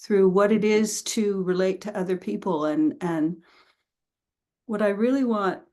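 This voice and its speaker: A woman's voice: medium pitch, measured pace, warm tone. A woman teacher introducing a class in a chatty, casual way, laughing easily and swearing now and then.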